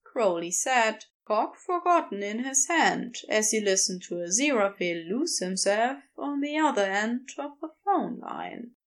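Slow, expressive woman narrator. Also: on the high side. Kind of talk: scripted narration.

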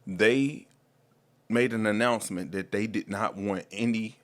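A man hosting a casual podcast, animated and slangy, often repeating words as he starts a sentence. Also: lowish voice, unhurried. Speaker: podcast host.

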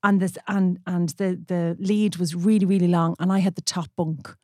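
A woman's voice: fairly low pitch, fairly even intonation, normal speed, darkish tone, dry recording, clean studio sound. An Irish woman co-hosting a podcast, telling long stories in a chatty way and acting out the voices of the people in them. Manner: chatty storyteller who acts out quoted voices. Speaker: podcast co-host. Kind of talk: casual chat, storytelling.

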